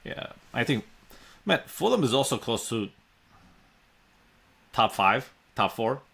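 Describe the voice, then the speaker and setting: A man's voice: medium pitch, sing-song, slow, creaky, pushed and bright. A man co-hosting a casual podcast chat, matter-of-fact and quoting statistics. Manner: matter-of-fact, cites stats. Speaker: podcast co-host.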